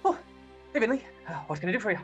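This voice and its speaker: A man's voice: high voice, very animated, racing, a bit bright, highs cut off, faint music behind, pitched above the performer's own voice. A man voicing a friendly, polite male halfling tavern worker in a tabletop game.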